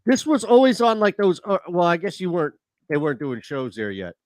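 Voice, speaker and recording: Male sports host, slightly higher voice, rambling banter on a dry studio mic. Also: big pitch swings, fairly quick, no echo. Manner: chatty, laughing, rambling. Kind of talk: casual sports talk.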